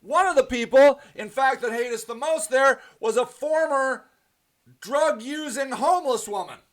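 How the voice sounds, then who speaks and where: A man with a high-pitched voice hosts a livestream and rants to his viewers. He is angry and swears often, breaking off into ums and restarts as he answers their comments. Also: normal speed. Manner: profane, angry and emphatic, with frequent ums and restarts. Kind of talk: ranting livestream monologue.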